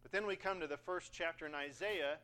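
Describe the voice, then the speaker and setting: A man's voice: on the high side, a little fast, bright, forceful tone. A man preaching a sermon in a conversational, joking way, acting out scripture passages. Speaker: pastor.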